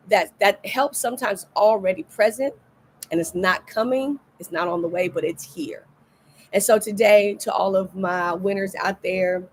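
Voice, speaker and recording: A woman's voice: lowish voice, slight background noise. A middle-aged woman pastor giving a livestreamed devotional sermon, earnest and repeating key phrases for emphasis. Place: indoors, recorded for a livestream.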